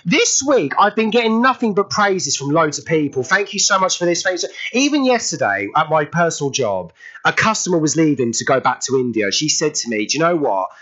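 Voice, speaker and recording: Effusive radio host, bright voice. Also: male voice, on the high side, big pitch swings, fairly quick, lo-fi sound. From United Kingdom. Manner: chatty, effusive, rambling with many fillers. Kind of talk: casual radio chat.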